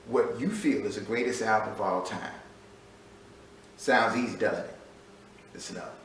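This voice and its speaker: A lower-voiced man speaks as a teacher introducing his online course, leaning hard on key points and repeating them. He sounds a little set back from the mic, and the room around him rings with heavy echo. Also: slight background noise. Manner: emphatic, repeats key phrases. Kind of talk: recorded class introduction. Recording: echoey room, mic at a distance.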